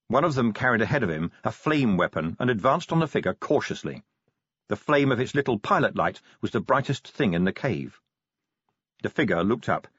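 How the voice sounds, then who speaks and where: Husky man narrating an audiobook dramatically. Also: mid-range voice, dry recording. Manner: expressive, dramatic storytelling. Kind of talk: audiobook narration of a comic fantasy novel. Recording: dull, dry, lo-fi audiobook recording.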